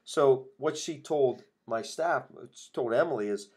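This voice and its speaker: A man's voice: medium pitch, measured pace, few pauses, darkish tone, husky. A man hosting a podcast for chiropractors, telling a patient story and acting out both sides of the conversation. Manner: storytelling, quoting patients and himself in dialogue. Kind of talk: casual podcast talk with acted patient quotes.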